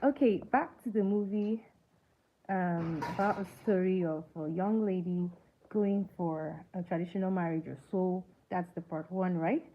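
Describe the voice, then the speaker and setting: A woman's voice: lowish voice, unhurried. Chatty woman on a tinny line. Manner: chatty, asks viewers questions, many fillers. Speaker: livestream movie reviewer. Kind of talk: casual live movie chat. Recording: tinny phone-like line with faint hiss.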